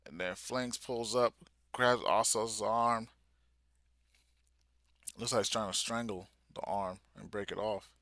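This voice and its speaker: A young man hosting a live manga reaction, reading aloud and reacting in excited, slangy casual talk. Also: lowish voice, slow, pauses often, no echo, studio quality. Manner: excited, slangy, talks along while reading.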